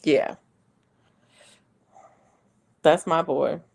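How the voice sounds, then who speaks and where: A middle-aged woman hosts a relaxed livestream chat, her low voice gravelly with fry. She talks at an unhurried pace and laughs easily as she answers viewers' comments. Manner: chatty, laughs often, reads viewer comments aloud. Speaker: livestream host. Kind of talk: casual live-stream chat.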